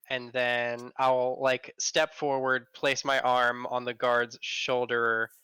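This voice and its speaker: A man with a bright, smooth voice playing at a tabletop game, talking slowly and thinking aloud. The sound is dry and close. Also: mid-range voice, no echo. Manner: relaxed, thinks aloud with fillers. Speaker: player. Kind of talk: casual tabletop play.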